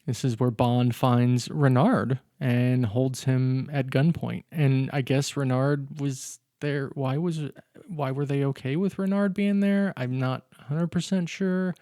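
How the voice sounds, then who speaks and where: A man's voice: mid-range voice, fairly even intonation, unhurried, warm tone, no echo, studio quality. A man co-hosting a podcast, casually recapping a film's plot step by step with fillers. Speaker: podcast co-host. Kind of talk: casual chat recapping a film.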